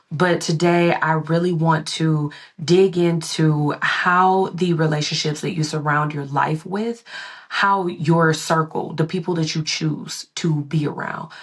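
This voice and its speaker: A woman hosting a solo motivational podcast, talking in a playful, sing-songy way. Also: deep voice. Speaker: podcast host.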